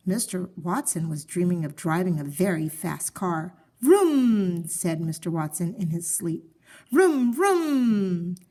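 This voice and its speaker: A woman reading a children's storybook aloud with expressive, gently paced storytelling. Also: lowish voice.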